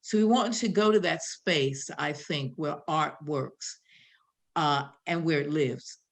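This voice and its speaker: An older woman from the Midwest with a South Side Chicago accent, hosting a panel in a reflective, riffing way with pauses. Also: sits low, gravelly. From American Midwest. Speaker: host.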